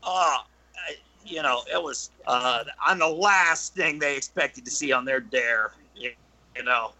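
A guest in a casual chat, a man with a medium-pitched voice tells stories, halting with many fillers and restarts but growing animated once he gets into them. The recording is rough.

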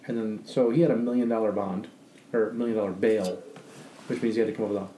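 A man's voice: fairly low pitch, fairly even intonation, fast talker, dark tone, reverberant, slight background noise, poor audio. A man co-hosting a podcast, talking bluntly and swearing freely in casual chat. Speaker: podcast co-host.

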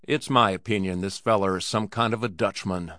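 Man voices frontier cowboy: blunt, scornful, drawling, low. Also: fairly even intonation, fairly quick, pushed and bright, dry recording, clean studio sound.

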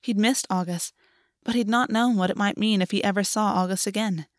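A woman reading a fan fiction story aloud in a steady, even narration. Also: mid-range voice, fairly quick, no room sound, studio quality. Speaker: audiobook reader.

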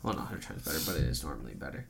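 A man's voice: rumbling low, sing-song, very fast, gravelly, background noise. Rambling, jokey man co-hosting a podcast. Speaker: podcast co-host. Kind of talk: casual chat.

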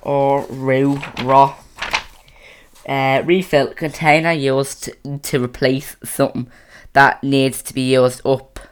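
A teen hosting a casual podcast at a middle pitch. The talk rambles and restarts a lot. The voice is close on a boom mic. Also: little pitch movement, takes it slowly, slight background noise. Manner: rambling, chatty, many restarts. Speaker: podcast host. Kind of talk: casual chat. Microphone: boom mic on a stand.

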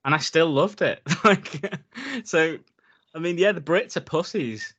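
A man's voice: a little high, measured pace, fairly bright tone, muffled recording. A man, casually chatting about films as a podcast co-host, rambling with lots of fillers and reading facts aloud. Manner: laid-back, rambling with many "like"s, reads facts aloud. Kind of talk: casual film chat.

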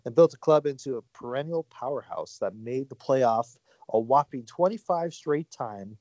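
A man's voice: medium pitch, animated, darkish tone, no room sound. Male podcast host, casual sports talk, hesitant and filler-heavy, muffled dry recording. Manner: halting, many fillers and restarts.

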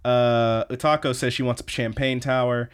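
A man's voice: medium pitch, normal speed, clean tone. A man hosting a podcast, recapping an anime episode in casual, profane chat, acting out bits as he retells. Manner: profane, animated retelling with acted quotes. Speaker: podcast host.

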